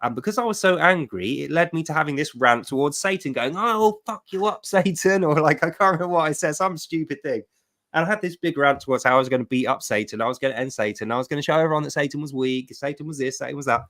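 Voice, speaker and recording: A middle-aged man hosting a livestream, telling a personal testimony with emphatic, animated storytelling. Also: on the high side, fast. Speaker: livestream host.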